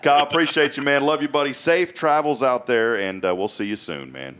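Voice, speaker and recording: A man's voice: mid-range voice, brisk, clear, resonant tone. A man hosting a local morning show, teasing and telling stories in a casual chat. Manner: jokey, teasing, animated storyteller. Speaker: host.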